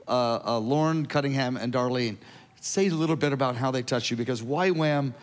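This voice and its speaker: A man's voice: mid-range voice, brisk. Man moderating a panel in a reverberant hall. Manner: conversational, prompting the guests. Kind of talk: casual panel discussion.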